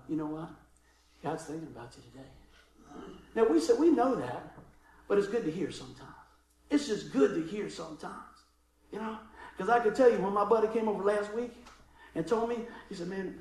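A middle-aged man, a pastor, preaching a sermon full of funny personal stories. He tells them in an animated way, laughing often, and drops to quiet asides in between. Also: high voice, roomy sound. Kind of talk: sermon with humorous storytelling.

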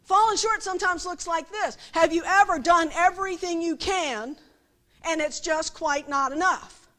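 A woman's voice: very high voice, moderate pace, pushed and bright. A middle-aged woman giving a conversational sermon, often checking that listeners follow her with rhetorical questions. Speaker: preacher.

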